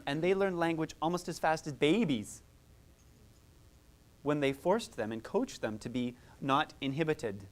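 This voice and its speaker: A music therapist runs a live workshop, guiding participants through vocal exercises with warm encouragement, lots of chatty asides, and an expressive, medium-pitched voice that moves a little slowly.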